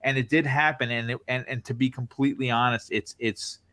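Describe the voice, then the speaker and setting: A man telling stories as a podcast guest in casual chat, with a distinctive voice, animated and full of restarts. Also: medium pitch, fairly quick, dry recording. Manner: animated, lots of restarts, acts out quoted reactions. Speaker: podcast guest, content creator.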